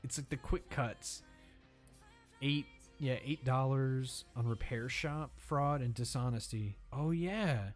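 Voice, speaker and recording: Man, casual reaction commentary, rambling, swears, laughs often, soft music underneath. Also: mid-range voice, takes it slowly. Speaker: reaction video host. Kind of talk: casual commentary over video clips.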